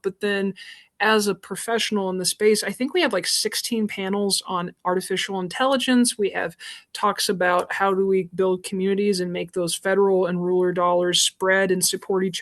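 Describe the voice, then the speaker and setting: A woman from the United States, a librarian and association president, talking enthusiastically in a podcast interview, often saying "like" and restarting phrases. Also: medium pitch. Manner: enthusiastic, chatty, many "like"s and restarts.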